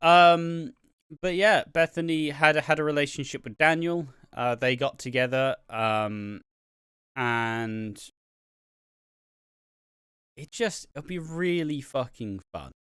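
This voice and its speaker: Reviewing a soap opera on his podcast, this man rambles through a casual chat packed with "um"s and "like"s, swearing casually here and there. His fairly high voice is a bit bright, clear and resonant, and he speaks slowly with frequent pauses. The studio-quality recording has no room sound.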